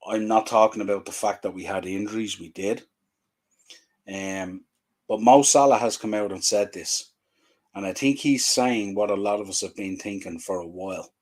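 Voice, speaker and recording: A man's voice: fairly low pitch, normal speed, darkish tone. A man, hosting a fan show and ranting in frustration with repeated rhetorical questions. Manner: exasperated, repetitive rhetorical questions. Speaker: fan podcast host.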